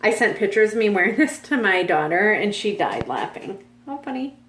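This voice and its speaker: A woman's voice: mid-range voice, big pitch swings, normal speed, fairly bright tone, echoey room, slight background noise. A woman in her forties on a farm, chatting in a rambling, casual way with frequent fillers. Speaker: vlog host. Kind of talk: casual chat. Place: home on a farm.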